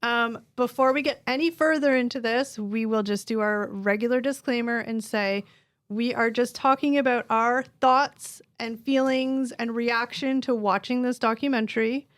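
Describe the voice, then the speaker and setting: A woman's voice: on the high side, steady tone, normal speed. Middle-aged woman hosting, chatty. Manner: chatty, rambling, runs the conversation. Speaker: podcast co-host. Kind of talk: casual chat. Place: basement.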